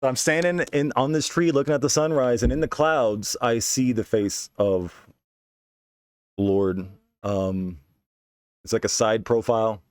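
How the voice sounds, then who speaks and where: In a dry, clear studio recording, a young male podcast host rambles through a wild story from his own life, cursing and restarting his sentences many times. His mid-range voice is resonant and steady, delivered a little slowly, in casual storytelling mode.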